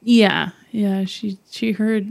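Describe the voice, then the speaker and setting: A woman co-hosting a casual podcast, easygoing, reading passages aloud haltingly. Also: mid-range voice, fairly even intonation, gravelly, a little mellow, slight background noise. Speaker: podcast co-host. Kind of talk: casual chat.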